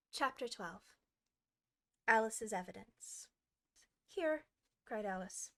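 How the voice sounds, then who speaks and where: A woman hosting a show where she reads a classic storybook aloud with a steady, clear delivery. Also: mid-range voice. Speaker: audiobook narrator, host. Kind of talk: storybook reading.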